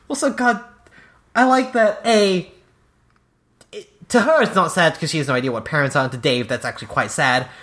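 A woman co-hosting a podcast in casual chat, chatty and quick to laugh, with many "like" fillers. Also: low voice, fairly bright tone. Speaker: podcast co-host.

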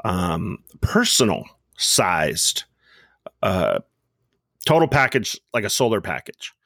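A man's voice: low voice, sing-song, slow, gravelly, sharp tone, dry recording, clean studio sound. A man co-hosting a casual podcast, telling rambling stories with lots of fillers and restarts. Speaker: podcast co-host.

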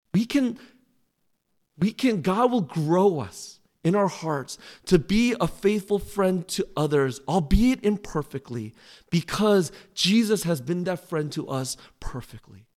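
A middle-aged man, a pastor, preaching a sermon in an earnest, pleading way that swells louder on key phrases. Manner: drops to a soft, low close in prayer.

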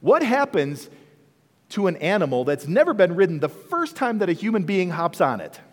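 A man preaching a sermon as pastor, telling the story with animated delivery and acting out bits of dialogue. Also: sits high, normal speed. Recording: echoey hall with long reverb.

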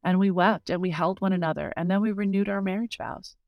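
A woman's voice: mid-range voice, steady tone, brisk, dry recording, highs cut off. Middle-aged woman, interview guest, earnest heartfelt storyteller, mid-range voice, dry close sound. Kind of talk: casual conversational testimony.

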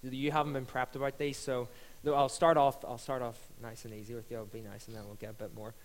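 Jokey host in a hall. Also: male voice, mid-range voice, little pitch movement, fast. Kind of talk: hosting a panel Q and A. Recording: long reverb of a hall.

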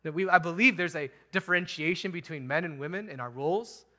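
Male pastor, sermon, bright forceful tone, slightly high voice, emphatic. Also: fast. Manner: animated, emphatic, chuckles often.

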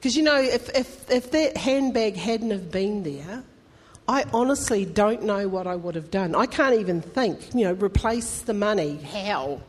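A woman's voice: mid-range voice, animated, a little slow, slightly rough. A woman pastor, preaching a conversational, emphatic sermon that rises into fervent appeals to the congregation. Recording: long hall reverb.

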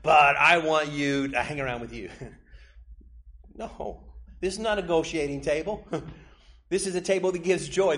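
Pastor, male, American, slightly high voice, preaching with big swings from hush to shout. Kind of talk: sermon. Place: church sanctuary.

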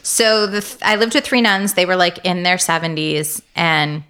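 A woman's voice: fairly low pitch, normal speed, sharp tone, clean tone. A woman raised in the United States, chatting casually as a podcast guest and telling stories with fillers and laughs.

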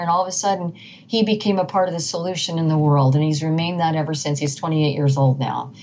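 Her voice low-pitched, brisk and a little mellow, a middle-aged woman appears as a guest and recounts her story with earnest emphasis. She keeps restarting and repeating phrases, captured on a dull lo-fi recording with faint noise.

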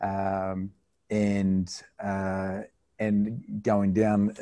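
A man hosting a faith interview, summing up his guest's points in a measured, halting way with many fillers. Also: on the low side, monotone, dark tone, no echo. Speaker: host, interviewer. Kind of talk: reflective interview talk.

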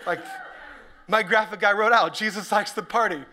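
A man preaching a sermon to a church, joking with the crowd and building up to shouted points. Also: high-pitched, normal speed, a little hiss or hum. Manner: energetic, joking, rising to shouted emphasis. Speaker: pastor.

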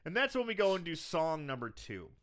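A man's voice: fairly high pitch, brisk. A man casually recapping a movie on a podcast, laughing often and acting out the characters' lines. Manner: animated, laughs often, acts out quoted characters. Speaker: podcast co-host recapping a film.

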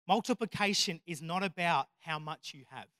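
A man's voice: fairly high pitch, normal speed, sharp tone, dry recording, studio quality. Man, preacher, sermon, self-deprecating stories, emphatic repeated lines, tense edgy voice. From Australia.

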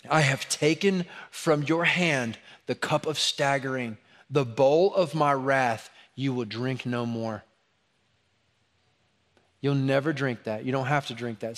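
A man preaching a sermon in a church, animated, acting out sarcastic asides before dropping to a hushed, intense tone. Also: mid-range voice, a little slow. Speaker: pastor. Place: church sanctuary.

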